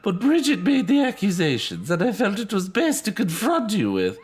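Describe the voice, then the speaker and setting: A man voicing a prim adult woman in charge at a boarding school, in a high fluttery falsetto. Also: wildly swooping pitch, normal speed. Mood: prim, awkward.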